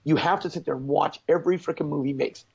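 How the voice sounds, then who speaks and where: Gravelly-voiced man telling a blunt story. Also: on the high side, fast, muffled recording. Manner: animated, blunt, peppered with mild swearing. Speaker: guest speaker, success coach. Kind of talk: storytelling in a conversational interview.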